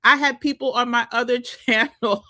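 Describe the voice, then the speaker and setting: Chatty New York woman, bright voice. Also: a little high, steady tone, normal speed. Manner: chatty, laughs often, loose grammar. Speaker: social media coach. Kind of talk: casual vlog talk to viewers.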